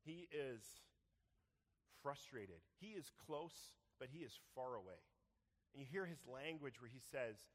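A man's voice: medium pitch, a little slow. Guy preaching a sermon, storytelling with lots of emphasis, big echoey hall reverb. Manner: animated storytelling, acting out quoted voices. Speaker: pastor.

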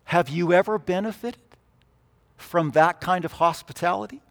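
A man preaching a sermon, telling stories and moving between hushed and emphatic delivery. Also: high-pitched, moderate pace, vocal fry, in a large hall. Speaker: pastor.

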